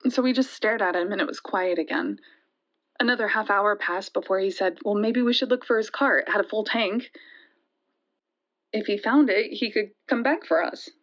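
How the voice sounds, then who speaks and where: A young woman acting in an audio drama, playing a caller who retells a deadly night in a halting way and stumbles over repeated words. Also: mid-range voice, a bit bright, close to an everyday voice. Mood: tense. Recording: dull lo-fi sound.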